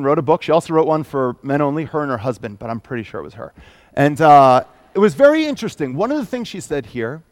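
A man's voice: fairly high pitch, no echo. Preacher, male, thirties; chatty, self-mocking delivery, dry close mic. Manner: conversational, self-deprecating preaching. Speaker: pastor. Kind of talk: sermon.

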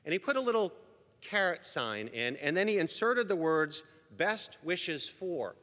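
Male pastor, sermon; bright, animated delivery, conversational and earnest; big reverberant church hall. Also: on the high side, moderate pace. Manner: earnest, conversational preaching with frequent restarts. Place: church sanctuary. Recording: long reverb of a large hall.

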